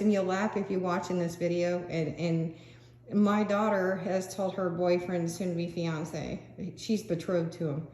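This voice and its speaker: A woman's voice: medium pitch, a little mellow. Chatty older woman in a roomy echo. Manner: chatty, laughs often, trails off with fillers. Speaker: craft vlogger. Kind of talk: rambling casual chat.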